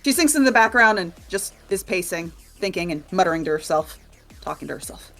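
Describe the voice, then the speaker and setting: Woman, tabletop player, deadpan and probing, lowish pitch, faint music behind. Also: a little fast. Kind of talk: in-character tabletop role-play.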